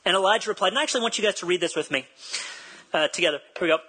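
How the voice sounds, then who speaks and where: Bright-voiced chatty male preacher. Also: high voice, racing, breathy edge, poor audio. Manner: chatty, self-deprecating, laughs easily; acts out quoted dialogue. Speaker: pastor. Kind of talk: sermon with personal storytelling.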